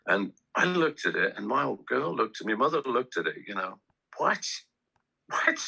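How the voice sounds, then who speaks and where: A man's voice: lowish voice, big pitch swings, brisk, vocal fry, sharp tone, breathy edge, low-quality recording. A man, chatting in a rambling, anecdotal way as a guest. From English West Midlands. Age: 60s. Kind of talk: casual chat.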